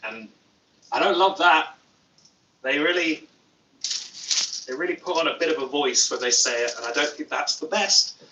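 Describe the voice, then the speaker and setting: A man's voice: fairly high pitch, moderate pace, long pauses, echoey room, recorded from a distance, background noise. A young British man hosting a casual livestream, reading chat aloud with dry, self-mocking humor. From Britain. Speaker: YouTube host. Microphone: phone.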